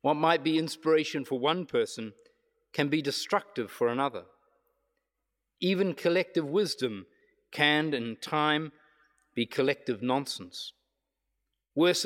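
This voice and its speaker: A man's voice: a little high, expressive, fairly bright tone. Reflective male preacher in an echoing hall. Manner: reflective, measured, with slowed emphasis. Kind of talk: sermon. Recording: long hall reverb.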